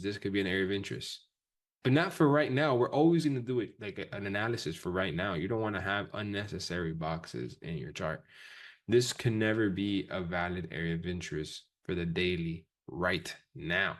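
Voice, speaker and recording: A man with a very low voice runs a live trading class. He talks quickly and casually, dropping profanity as he explains each step to his students. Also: fairly bright tone. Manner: fast, profane, casual coaching talk. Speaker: trading instructor. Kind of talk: live-streamed trading lesson.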